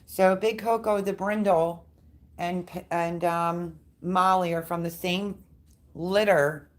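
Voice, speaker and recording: A middle-aged woman chats away on a casual live stream, rambling from one story to the next. Her voice sits a little low for a woman. Now and then she breaks off to coo softly at the dogs around her. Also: fairly even intonation, slow. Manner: chatty, rambling, coos baby talk at the dogs.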